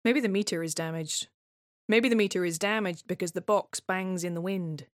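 A woman's voice: on the low side, moderate pace, no echo, studio quality. A woman performing a scripted dramatic monologue in a tense, wary, obsessive way. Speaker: playwright and solo performer.

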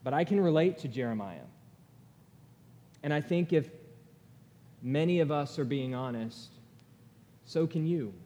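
A man preaching a sermon as pastor, earnest and deliberate, lifting his voice when he reads lament passages. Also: on the high side, animated, warm tone. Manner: slow, earnest, pausing delivery, rising for quoted laments. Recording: long reverb of a large hall.

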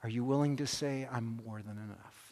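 A man voicing the Lord as a calm, gentle fatherly figure, speaking in a hushed, tender way. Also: medium pitch, fairly quick, long reverb tail, voice pushed down, lightly acted.

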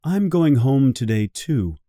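A man reading as a gentle, wistful little prince. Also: mid-range voice, big pitch swings, slow, dry recording, clean studio sound.

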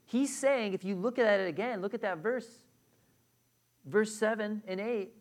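A man's voice: sits high, normal speed. Man, pastor, sermon, conversational, direct, congregation present. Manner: conversational preaching with frequent check-in questions. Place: church hall with a congregation.

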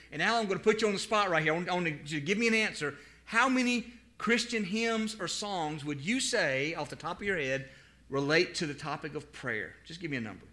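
A man preaching a sermon, swinging from loud, pleading outbursts to quiet asides and repeating words as he builds emphasis. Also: sits high. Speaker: pastor.

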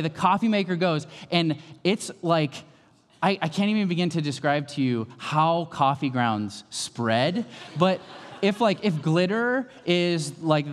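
A male pastor in his thirties preaching a sermon, with lively storytelling that swings from calm to loud. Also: fairly high pitch. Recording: long hall reverb.

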